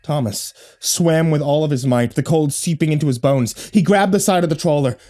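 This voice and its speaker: A man narrating a horror story in a low, hushed, dramatic way. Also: moderate pace.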